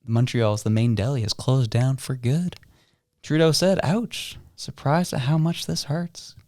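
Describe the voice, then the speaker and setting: A man's voice: fairly low pitch, creaky, a little mellow, no room sound, clean studio sound. A man co-hosting a casual political podcast, joking and sarcastic with loose slang. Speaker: podcast co-host.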